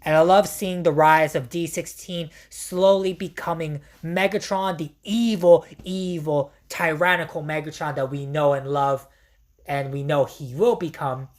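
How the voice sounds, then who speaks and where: A woman's voice: low-pitched, fairly even intonation, normal speed. A woman giving an enthusiastic, casual spoken movie review, often repeating herself and using fillers. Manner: enthusiastic, repetitive, frequent fillers.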